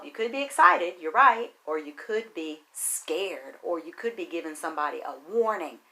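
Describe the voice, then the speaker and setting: A woman teaching a virtual phonics lesson to kindergartners, encouraging and sing-song, drawing out each word slowly as she reads. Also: fairly low pitch, a bit bright. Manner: sing-song, encouraging, slow drawn-out reading of words.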